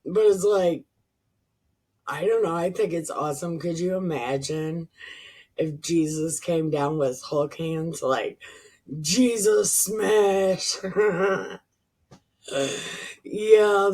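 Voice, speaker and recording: A woman's voice: sits low, measured pace, dark tone. A woman reading scripture aloud and riffing on it casually, irreverent, swearing and laughing at her own jokes. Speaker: Bible reading vlogger.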